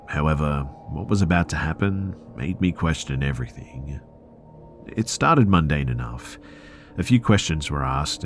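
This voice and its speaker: A man with an extremely low, deep voice reads first-person horror stories aloud, measured and earnest. A faint hiss sits under his narration. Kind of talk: scripted narration of listener stories.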